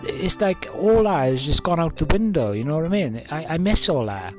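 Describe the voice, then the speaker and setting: A man's voice: a little high, very animated, moderate pace, darkish tone, faint music behind. A man of twenty-five, telling a story casually to camera with lots of fillers. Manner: rambling, many fillers, coughs and laughs.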